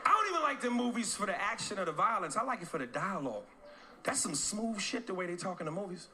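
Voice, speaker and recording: A male stand-up comedian performing on a club stage with a brash, profane and animated delivery. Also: high-pitched, fast talker. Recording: loud noisy live club recording.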